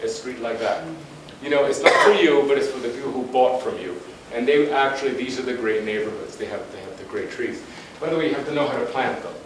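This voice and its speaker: A man's voice: mid-range voice, fast. A man giving a slide presentation on town planning, talking bluntly and conversationally with frequent restarts. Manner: emphatic and conversational, with blunt asides. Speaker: guest lecturer on urban planning. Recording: very echoey room, distant mic, faint noise.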